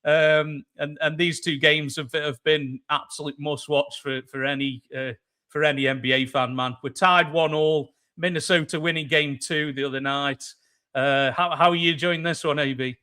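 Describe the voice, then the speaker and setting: A man's voice: fairly high pitch, little pitch movement, moderate pace, bright, forceful tone. A man hosting a sports podcast, chatting casually and animatedly, often calling his guest "mate" and "man". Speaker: podcast host.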